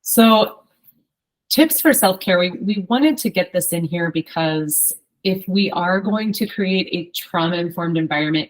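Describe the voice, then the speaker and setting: Lower-voiced woman presenting a training. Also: rough recording. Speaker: social worker.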